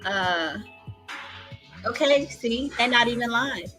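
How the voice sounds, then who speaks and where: A woman's voice: on the high side, animated, slow, pushed and bright, soft background music. A woman hosting a live stream, chatting casually and animatedly with her viewers while she waits, often laughing between lines. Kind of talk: casual live commentary to a chat.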